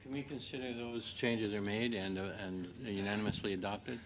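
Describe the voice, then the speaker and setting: A man chairing a parliamentary committee meeting, brisk and procedural, with frequent filler sounds. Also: fairly low pitch, steady tone, noisy background. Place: committee room.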